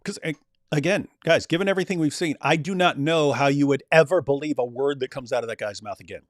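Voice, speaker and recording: A man's voice: on the high side, fast, no echo, clean studio sound. A man giving emphatic commentary over replayed clips, asking rhetorical questions and repeating his points. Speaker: commentator reacting to street debate clips.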